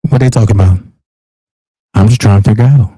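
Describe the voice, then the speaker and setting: A man's voice: fairly low pitch, brisk, background noise. A man hosting a live call-in stream, talking in a brash, taunting, profane way. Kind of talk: casual live call-in talk.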